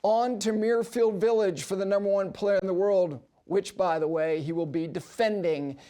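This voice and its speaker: A man's voice: high-pitched, moderate pace. A man hosting a golf talk show on television, telling stories and making emphatic points in a broadcast studio. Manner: animated storyteller with emphatic asides. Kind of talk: broadcast sports commentary.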